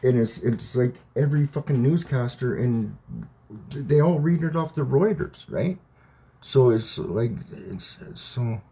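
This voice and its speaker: A man in his thirties rants on his own livestream with a husky, low voice. His pitch swings widely as he gets worked up, and he swears constantly and restarts his sentences. The tone stays warm and mellow underneath. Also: lively intonation, measured pace. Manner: profane, agitated, rambling with many restarts. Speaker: livestream host. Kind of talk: rambling livestream rant. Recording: live stream from home.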